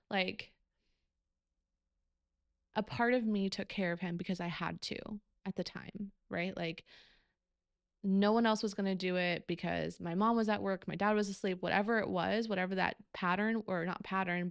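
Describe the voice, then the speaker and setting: A woman's voice: mid-range voice, fairly even intonation, moderate pace, vocal fry, no room sound, clean studio sound. A young woman hosting a podcast, telling a personal story in a candid, emotional way with frequent swearing and fillers. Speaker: podcast host.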